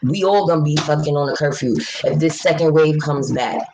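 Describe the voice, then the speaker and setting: A deep, gravelly-voiced woman from New York City speaks at normal speed over background noise while hosting a casual livestream. Blunt and passionate, she swears freely, addresses her viewers directly and reads chat out loud.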